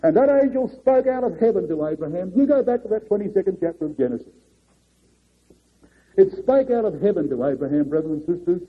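A man preaching a sermon earnestly, swinging between raised and hushed delivery. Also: high voice, animated, brisk, husky. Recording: muffled lo-fi recording.

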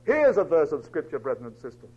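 A man preaching a dramatic storytelling sermon, swinging from loud declaiming to hushed near-whispers. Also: a little high, big pitch swings, fast, breathy edge. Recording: dull lo-fi recording.

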